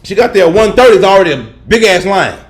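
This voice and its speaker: A young man hosting a casual podcast livestream, telling an animated story in profane slang and laughing often. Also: sits high, quick pace. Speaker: podcast host. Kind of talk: casual solo livestream chat.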